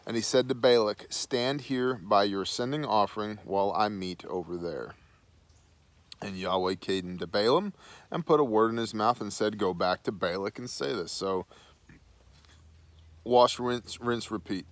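A man's voice: fairly low pitch, a little slow, dry recording. A man hosting a Bible study, reading scripture aloud and then dropping into slangy, casual asides.

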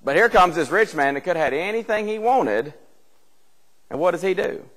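A man's voice: high voice, lively intonation, moderate pace, fairly bright tone. A male preacher giving a conversational Bible class, retelling a scripture story with rhetorical questions and reading old-style scripture aloud. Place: church hall. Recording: long church hall reverb.

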